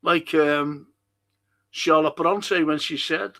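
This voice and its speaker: A man's voice: fairly high pitch, fairly even intonation, slow, sharp tone. A middle-aged man with a Liverpool accent hosting a live talk stream, rambling in a blunt, indignant monologue and swearing freely. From England. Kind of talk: rambling monologue reading viewer comments.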